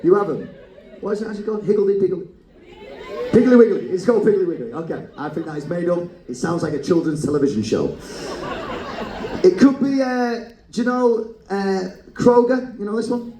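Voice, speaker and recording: A man hosting a comedic live game show on a cruise ship, teasing contestants with quick banter and frequent laughter. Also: high voice, reverberant, a crowd in the background, poor audio.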